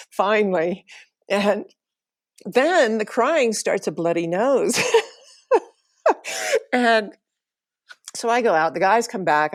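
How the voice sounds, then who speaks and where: A middle-aged woman telling a personal travel story, emotional and laughing now and then as she recalls it. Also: lowish voice. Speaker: podcast storyteller.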